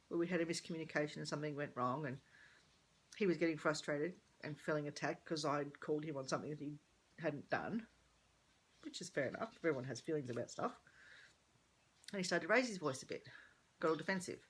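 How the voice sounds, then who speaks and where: A woman's voice: deep voice, expressive, fairly quick, pauses often, slightly rough. A middle-aged woman talking candidly in a rambling personal vlog, thinking aloud and correcting herself as she goes. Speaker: vlogger.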